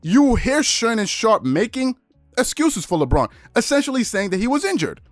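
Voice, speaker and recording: A man hosting a sports commentary video, retelling a debate in an animated, quick way. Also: very high voice, no echo, faint music behind.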